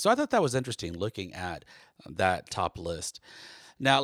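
A man's voice: lowish voice, fairly bright tone, no echo, studio quality. An American man hosting a solo podcast, talking in a loose, conversational way with many fillers and restarts. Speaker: podcast host.

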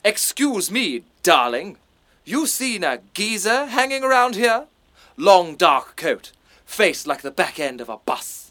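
A man's voice: on the high side, very animated, slow, bright, forceful tone, full character voice. A posh man playing a tough-guy lead, plummy and stiff. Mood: smooth-talking.

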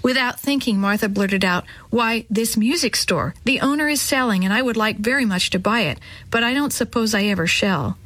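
A woman reading a children's story aloud in a gentle, measured way, ending with a moral. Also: on the high side, no room sound, low-quality recording.

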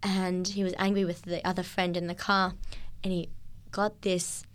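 A woman recounts her experience in an interview, earnest and halting, often restarting her sentences. Her voice sits on the low side. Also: level tone. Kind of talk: testimony interview.

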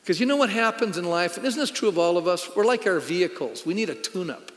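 A man's voice: sits high, lively intonation, fast, long reverb tail. A middle-aged man, a pastor, preaching a sermon in a conversational, storytelling way with emphatic punches.

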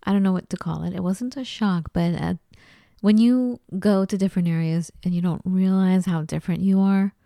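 A woman's voice: mid-range voice, steady tone, moderate pace, vocal fry, mellow, dry recording, studio quality. A woman from Los Angeles with a Los Angeles accent, telling stories in a rambling, casual chat full of likes and restarts. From Los Angeles, California. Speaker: podcast co-host.

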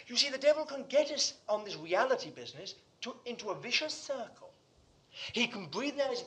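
A man preaching a sermon to a congregation in a room, fervent, swinging from hushed asides to loud declarations. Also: very high-pitched, big pitch swings, a little fast.

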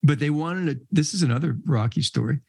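Gravelly older man telling rambling stories. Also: a little high, brisk, darkish tone, no room sound. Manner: rambling anecdotes, laughs mid-sentence. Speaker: podcast guest telling a story. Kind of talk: casual storytelling.

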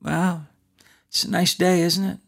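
A man voicing a hunched ninety-year-old man who talks in a slow, soft, unbothered way. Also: sits high, level tone, vocal fry, pitched above the performer's own voice, exaggerated voice. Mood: calm.

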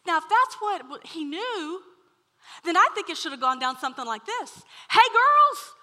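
Animated woman preaching in a reverberant hall. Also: very high voice, moderate pace. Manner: animated storytelling, swings from loud to hushed. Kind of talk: sermon.

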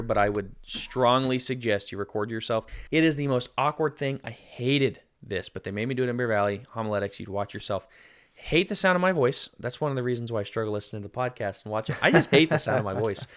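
A man's voice: medium pitch, fast talker. A man in his thirties co-hosting a casual podcast, earnest and self-deprecating, with plenty of fillers. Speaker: podcast co-host.

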